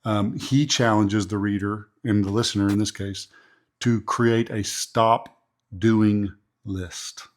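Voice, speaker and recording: A man's voice: lowish voice, fairly even intonation, slow. A man, a pastor and podcast host giving a motivational leadership talk in a chatty, preachy way, repeating phrases for emphasis.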